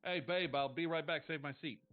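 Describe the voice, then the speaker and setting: A sleazy middle-aged barfly, married and pushy, leaning in with smarmy lines, as a game master puts him on. The sound is narrow and phone-like, with faint music under it. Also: male voice, on the high side, brisk, pitched above the performer's own voice, natural voice. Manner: pushy, smarmy barroom flirting. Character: sleazy married man in late forties.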